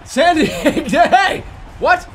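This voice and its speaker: A man in his thirties streaming games, joking and shifting from mumbles to excited shouts. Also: very high voice, takes it slowly, a little hiss or hum. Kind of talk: casual gaming stream commentary.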